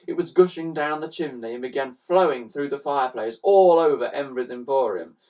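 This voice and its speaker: A man reading a children's story aloud with expressive, animated narration, recorded on a slightly distant mic. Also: a little high, fairly quick, hardly any pauses. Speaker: storybook reader.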